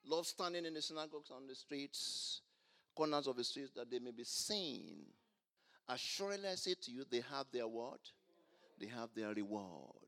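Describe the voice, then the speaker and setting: A man preaching a sermon, asking the congregation to finish his lines and swinging between quiet explanation and loud exclamations. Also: medium pitch, animated, moderate pace, vocal fry. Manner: call-and-response preaching, rising to loud exclamations. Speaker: pastor.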